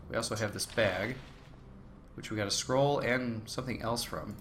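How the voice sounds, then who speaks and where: A man hosting a let's play, reading game text aloud between relaxed, casual remarks. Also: mid-range voice, normal speed, a little hiss or hum. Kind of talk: casual gameplay commentary.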